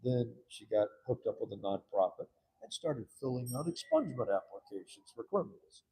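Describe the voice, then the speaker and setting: A man's voice: medium pitch, big pitch swings, a little fast, dark tone, breathy edge. A man in casual talk, ranting and telling a story with lots of swearing, acting out what others would say. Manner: profane, storytelling, acts out quoted voices. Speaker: citizen activist. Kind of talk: casual animated rant.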